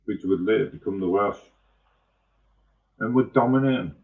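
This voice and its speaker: A man's voice: fairly low pitch, moderate pace, vocal fry, distant mic, narrow, tinny audio. A man in a rambling, profane, angry monologue. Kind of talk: ranting monologue.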